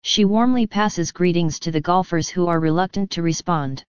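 Woman storyteller, very smooth, dry and slightly dull recording. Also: lowish voice, moderate pace, few pauses, no room sound. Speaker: narrator. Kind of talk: scripted story narration.

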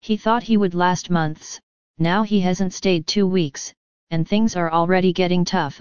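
Woman storyteller, lowish and very clear, even matter-of-fact read, dry slightly dull sound. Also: measured pace, no room sound. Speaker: narrator. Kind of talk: scripted story narration.

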